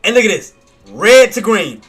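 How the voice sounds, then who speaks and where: Man, trading stream host, high voice, bright tone, hyped, slangy. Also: big pitch swings, moderate pace, faint music behind. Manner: hyped, shouting and laughing, slangy. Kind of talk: live trading commentary.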